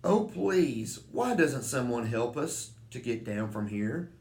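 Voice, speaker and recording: A man's voice: mid-range voice, big pitch swings, slow pace, a little mellow. A man voicing a fretful female giant spider in a storybook reading, pleading in a raised voice in an echoey room.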